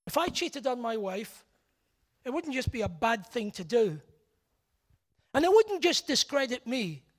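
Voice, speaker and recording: High-voiced emphatic male preacher. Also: big pitch swings, unhurried. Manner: emphatic, blunt, repeats key words. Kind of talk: sermon.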